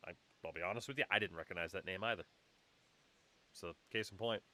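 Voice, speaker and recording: A man streaming a baseball video game, chatting casually with wry, profane remarks and sudden loud cheers. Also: sits low, fast talker. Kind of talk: casual gaming chat.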